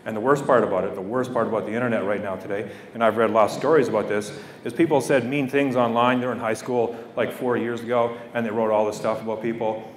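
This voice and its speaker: A man's voice: on the low side, fairly even intonation, quick pace, hardly any pauses. A middle-aged Canadian man addresses a school assembly in an earnest, heartfelt way, often repeating key phrases. His voice rings out through a big echoey hall. He is picked up from a distance, with a faint hum behind him. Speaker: guest speaker. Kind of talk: public speech to students.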